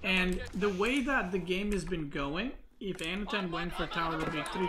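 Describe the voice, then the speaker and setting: A man giving casual commentary on a recorded match, thinking out loud with lots of "like" and "right?" fillers. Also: high voice, normal speed, crowd noise. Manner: thinks aloud, filler-heavy, says "like" and "right?" a lot. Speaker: game analysis host.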